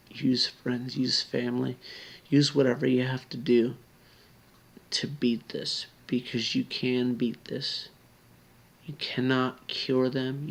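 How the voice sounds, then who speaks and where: A tipsy man talks straight to the camera, his words slurred and his voice close to breaking. His tone is gravelly and a little husky, and his urgent appeals keep fading into hushed whispers. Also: mid-range voice. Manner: earnest, pleading, drops to whispers. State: drunk, slurring; near tears. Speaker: video blogger. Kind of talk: emotional direct-to-camera appeal.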